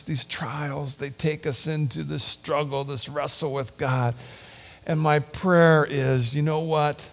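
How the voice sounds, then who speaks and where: A man preaching a sermon and leading a prayer in a church, earnest and heartfelt, sometimes sinking to a hushed whisper. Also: fairly high pitch, fairly even intonation, slow, gravelly. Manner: earnest, drops to a hushed whisper at tender points. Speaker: lay preacher. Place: church sanctuary.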